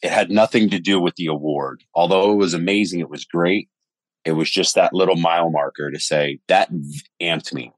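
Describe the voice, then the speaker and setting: A man's voice: sits low, moderate pace, no room sound. A man telling stories animatedly in a casual podcast conversation, cursing freely. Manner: animated storyteller, swears casually. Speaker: podcast guest.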